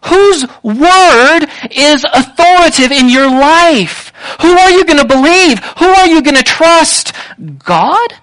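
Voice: sits high, animated, slow pace, a bit bright, low-quality recording. A preacher giving a sermon in an emphatic way, with rhetorical questions and repeated lists.

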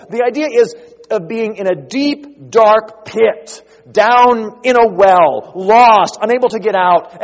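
A man preaching a sermon, rising to loud, drawn-out emphasis as he quotes scripture. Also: high voice, long reverb tail, lo-fi sound. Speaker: pastor.

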